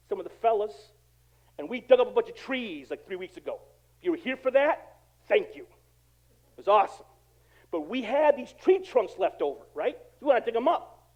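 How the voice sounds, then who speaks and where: A male pastor preaching a sermon in a casual, conversational way, swinging from quiet asides to loud emphatic bursts. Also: very high voice, muffled recording. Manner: animated, conversational preaching with dramatic swings in volume.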